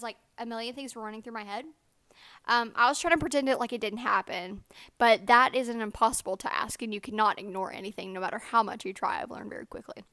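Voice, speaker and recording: A teenage girl tells a storytime vlog in a rambling, animated way, restarting her sentences as she goes. Her voice is bright and a little high. The sound is close and dry. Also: dry recording. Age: teens. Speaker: vlogger. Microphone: own microphone.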